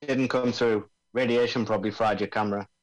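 A man's voice: fairly low pitch, fairly even intonation, brisk, lightly acted, rough recording. A man doing a put-on Australian accent, voicing a brash male bomb-disposal expert full of slang at an amateur table read over a video call. He is breezy and stumbles over the technical jargon.

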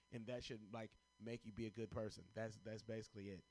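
A young man from Chicago performs stand-up, riffing on prompts pulled from a hat. His delivery is loose and profane, full of animated storytelling, and he keeps laughing at his own jokes. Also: mid-range voice, brisk, hardly any pauses. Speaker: stand-up comedian.

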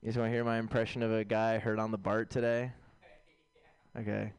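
A man doing an open-mic stand-up set of deadpan one-liners with rambling asides, on a comedy stage with a handheld mic. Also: fairly low pitch, rapid-fire, clear, resonant tone, no room sound. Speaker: stand-up comic.

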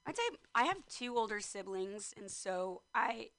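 Brief female comedian guest, bright voice that swings through a wide range, dry deadpan wit, faint music in the background. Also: mid-range voice, moderate pace, no room sound. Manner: wry, deadpan quips with laughter. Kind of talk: casual studio chat. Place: small radio studio. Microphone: studio microphone.

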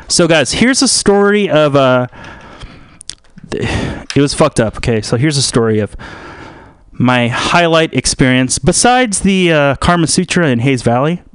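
A man's voice: medium pitch, a little slow, smooth, dry recording, clean studio sound. Rambling man on a comic radio show. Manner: rambling, deadpan, full of fillers.

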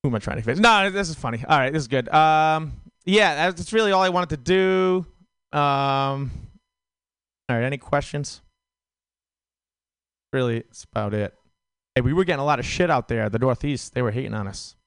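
A man's voice: on the high side, normal speed, long pauses, a bit bright, clean tone, no room sound, clean studio sound. Rambling male stand-up comic. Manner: rambling, filler-heavy delivery. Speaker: stand-up comedian. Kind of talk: stand-up set. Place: comedy club stage.

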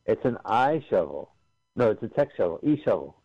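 A man's voice: lowish voice, very animated, moderate pace, gravelly, breathy edge. A man co-hosting a podcast, joking and swearing casually as he comments on a movie he is watching. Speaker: podcast co-host. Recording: dry, dull lo-fi sound.

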